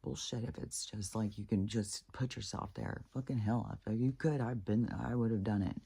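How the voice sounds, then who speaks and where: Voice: medium pitch, steady tone, normal speed, warm tone, slightly rough. A spiritual vlogger ranting in a loose, rambling monologue, swearing often and restarting sentences, with laughs between sentences. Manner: profane, ranting, full of fillers and restarts.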